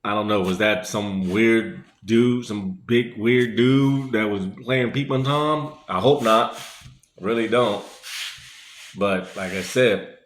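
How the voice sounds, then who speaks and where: A man's voice: lowish voice, fairly bright tone, a little hiss or hum. A man casually telling a personal story in a rambling, conversational way, full of fillers. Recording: echoey room.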